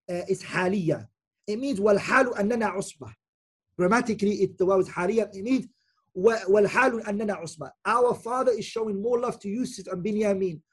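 An Islamic teacher with a high, husky, slightly rough voice gives a Quran commentary lecture. He explains patiently, repeating key points and phrases for emphasis, and often pauses to ask "okay?" to keep listeners with him.

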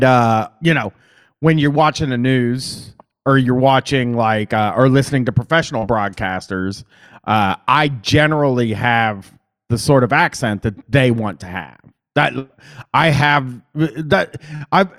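A man with a plain Midwestern accent hosts a call-in show. He talks loosely and rambles, swearing freely and filling gaps with ums. His pitch sits in the middle. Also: fairly bright tone. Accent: Midwestern American. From Columbus, Ohio. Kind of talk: casual call-in chat.

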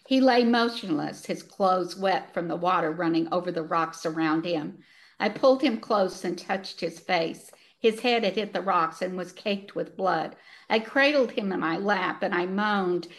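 A woman's voice: lowish voice, measured pace. Retired lady author reading her own book, earnest, emotional, laughs a lot when she chats. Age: older. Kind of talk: reading her own novel aloud, then chatting.

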